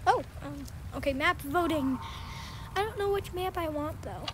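A woman's voice: high voice, normal speed, background noise. A young woman casually commenting on a game she is playing, giggling often and easily spooked. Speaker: gameplay streamer. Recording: music playing underneath.

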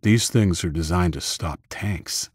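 A calm, grim young fighter in an audiobook, read by a man in a low, husky voice. He speaks slowly and evenly, and the recording is dry and close. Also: no echo.

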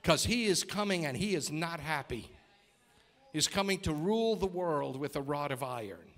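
A man's voice: on the high side, lively intonation, moderate pace, a bit bright. A man preaching a sermon as a guest pastor in a church, emphatic and rhythmic, repeating phrases in lists and asking the congregation questions. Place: church sanctuary.

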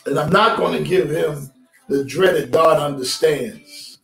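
A man's voice: a little high, fairly even intonation, unhurried, creaky, fairly bright tone. A man preaching a streamed sermon as pastor, talking with his congregation and calling for responses. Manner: conversational preaching, calls for response. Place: church sanctuary. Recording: roomy, from a distance, music faint behind.

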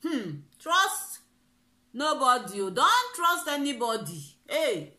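Young Nigerian woman, vlogger, lively pidgin-laced storyteller; higher, sharp voice, echoey sound. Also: slow. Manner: animated storytelling, mixing pidgin and laughter. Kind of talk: story time vlog. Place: in a car.

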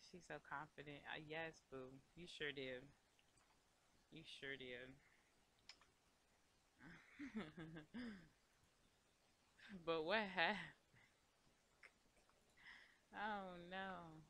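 A man's voice: a little high, slow pace, pauses often, bright, forceful tone, slight background noise. A man hosting a casual let's play, chatting to the game characters and to viewers as he plays. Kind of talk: casual gameplay commentary.

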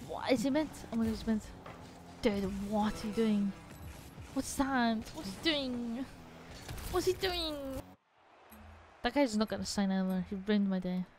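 Young woman, gaming streamer, fairly high voice, excitable, sweary, shouts at teammates. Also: measured pace, long pauses, over music. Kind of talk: live gameplay commentary.

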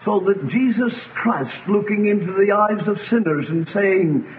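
A man, a pastor, preaching a sermon to a congregation, swinging between loud cries and quiet low asides. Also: unhurried. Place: church congregation. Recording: tinny lo-fi archive sermon recording with faint noise.

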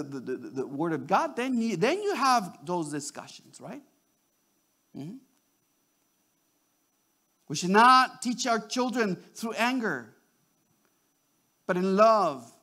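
High, lively-voiced preacher, bright and animated. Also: male voice. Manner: animated, repeats words and restarts, acts out little quotes. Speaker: pastor. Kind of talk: sermon.

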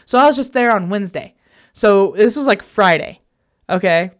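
A woman's voice: medium pitch, animated, normal speed. A woman vlogger telling a personal story in an emphatic, exasperated way, recorded in a bedroom at home.

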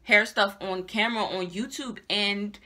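A woman's voice: mid-range voice, fairly even intonation, a little slow, sharp tone. A young adult woman giving a casual, exasperated product review to her viewers, repeating herself and swearing. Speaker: hair reviewer vlogger.

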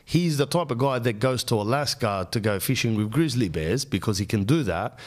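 A man's voice: mid-range voice, expressive, fairly quick, a little mellow. A man in his thirties with an Australian accent, telling rambling, profane comic stories as a podcast host. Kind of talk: casual comic monologue.

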